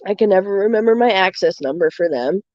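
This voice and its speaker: A woman's voice: mid-range voice, expressive, fast talker, a little mellow, no echo, muffled recording. A young adult woman streaming live, chatting candidly with many fillers. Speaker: livestream host. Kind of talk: casual chat.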